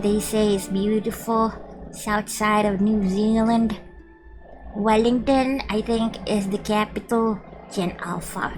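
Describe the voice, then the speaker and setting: Slow-talking playful streamer woman. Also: mid-range voice, low-quality recording. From Philippines. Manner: playful, giggly, reads chat messages aloud. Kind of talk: casual live-stream chat with viewers. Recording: background music under the voice. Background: background music.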